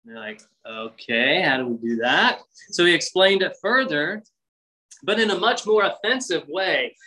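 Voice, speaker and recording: A man preaching a sermon, expressive, acting out quoted lines with big shifts in pitch. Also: unhurried, low-quality recording. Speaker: pastor.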